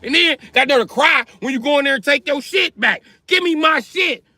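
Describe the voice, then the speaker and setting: High, bright-voiced ranting man. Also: fairly quick, no echo. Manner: profane, animated storytelling. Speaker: livestreamer. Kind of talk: comedic livestream rant.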